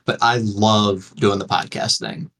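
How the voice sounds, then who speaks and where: A man's voice: on the low side, fairly even intonation, unhurried, a bit bright. A young man co-hosting a podcast, talking earnestly with frequent restarts and small chuckles. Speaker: podcast co-host. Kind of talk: casual podcast chat.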